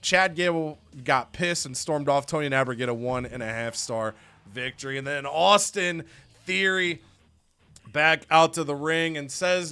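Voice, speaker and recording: A man's voice: fairly high pitch, normal speed, bright, forceful tone, clean tone. A man casually narrating a wrestling video game story with chatty asides.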